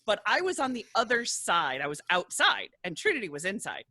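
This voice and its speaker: A woman with a lively, breathy, bright voice, recorded dry and close. She hosts a podcast and tells stories through frequent giggles. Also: mid-range voice, fairly quick, no room sound. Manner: giggly storyteller, swears casually. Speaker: podcast host. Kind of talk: casual chat.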